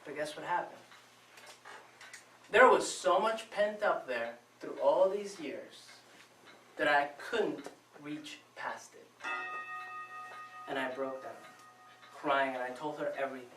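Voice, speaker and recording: A man from Venezuela giving a prepared contest speech to a live audience, telling his story with expressive, dramatic pauses. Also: fairly high pitch. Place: club meeting room before a live audience. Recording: echoey room, distant mic, faint noise.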